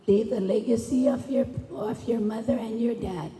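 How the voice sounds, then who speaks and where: A woman's voice: a little high, steady tone, normal speed, warm tone, soft background music. A woman giving an earnest religious funeral speech, preaching and bearing testimony. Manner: earnest, preaching, switches languages. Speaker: funeral speaker. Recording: echoey hall, faint noise.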